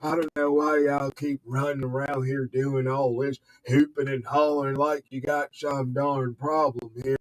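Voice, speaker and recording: A man's voice: medium pitch, level tone, moderate pace, few pauses, no room sound, natural voice, rough recording. A man putting on the voice of a grumpy old white man who scolds people for hollering in the bushes. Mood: scolding.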